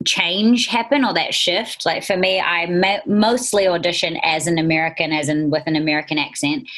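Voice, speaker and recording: This is a woman in her thirties with a New Zealand accent, talking casually as an interview guest. Her voice sits a little low, and she giggles and bounces between thoughts with bright animation. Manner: giggly, animated, laughs often.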